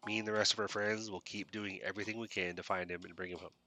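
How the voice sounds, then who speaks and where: Man reading a polite young woman, bright-toned, hesitant and earnest, storybook reading. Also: sits low, flat delivery, fast. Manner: polite, says ma'am and sir, hesitant restarts.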